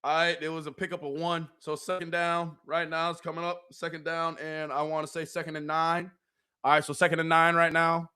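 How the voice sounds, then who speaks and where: A man hosting a live watch party. He gives excited fan commentary on a football game, laughs often, and keeps talking to his chat. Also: a little high, a little fast, smooth.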